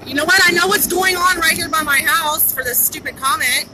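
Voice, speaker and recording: Outdoors on a pedestrian bridge by a busy border crossing, a breathless, high-voiced woman streams live from her handheld phone as a citizen reporter. Her unscripted commentary is brisk, urgent and excited, and she keeps repeating herself. Traffic and helicopters come through the noisy outdoor phone recording.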